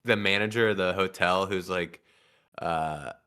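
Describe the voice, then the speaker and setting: A man's voice: low-pitched, unhurried, pushed and bright, clear, resonant tone. A man chatting casually as a show guest, making dry, wry asides. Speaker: guest comedian. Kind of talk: casual chat.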